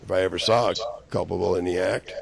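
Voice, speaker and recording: Gravelly man in an angry rant. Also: low-pitched, fairly even intonation, fast, crowd noise. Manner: angry, profane, rambling ranting. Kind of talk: rambling monologue.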